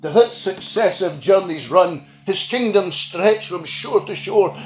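A man preaching a sermon with passion, swinging between loud declarations and quiet asides. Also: high voice, a little slow, few pauses. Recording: echoey room with faint ambient noise.

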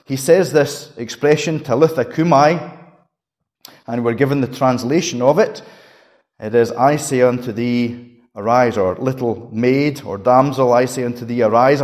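A man preaching a sermon, swinging between raised, emphatic lines and quiet, hushed ones. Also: medium pitch, moderate pace. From Scotland. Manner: dramatic emphasis, rising to a shout and dropping to a hush.

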